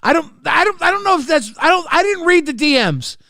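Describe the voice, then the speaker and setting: Man, gravelly voice, jokey crude commentary, dry sound. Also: very high voice, very animated, a little fast, bright, forceful tone, no room sound. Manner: jokey, laughing, does silly put-on voices. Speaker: co-host.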